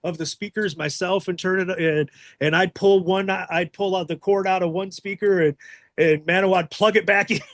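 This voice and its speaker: A middle-aged man telling a story on a podcast, animated and profane, jumping into the voices of the people he quotes. His voice sits a little high for a man. It is recorded close and dry, with no room sound. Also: normal speed, no room sound. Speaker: podcast host. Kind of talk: casual storytelling.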